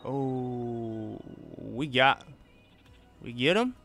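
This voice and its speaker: A man's voice: medium pitch, lively intonation, very slow, over loud music. A man doing casual live gaming commentary, chatting easily with viewers and tossing in "man" and "bro" all the time. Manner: laid-back, drawls "man" and "bro" often. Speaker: streamer.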